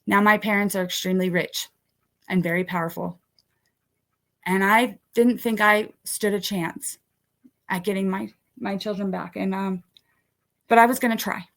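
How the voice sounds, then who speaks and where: A woman at a conference workshop telling her own story as she shows documents, with an emotional delivery that breaks off, restarts and climbs high when she is indignant. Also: fairly even intonation, normal speed, pauses often. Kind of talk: personal story told while showing documents.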